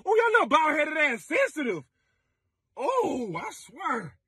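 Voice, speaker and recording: Man, comedy sketch, teasing insults, very high pitch, bright edgy tone. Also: huge pitch swings, a little slow, dry recording. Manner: teasing, trading playful insults.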